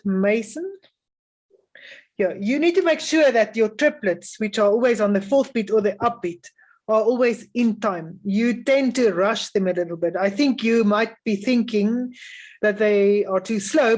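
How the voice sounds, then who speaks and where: At a music festival, a woman adjudicates young string players, offering calm, encouraging spoken feedback broken up by frequent "um" pauses. Her pitch is fairly high.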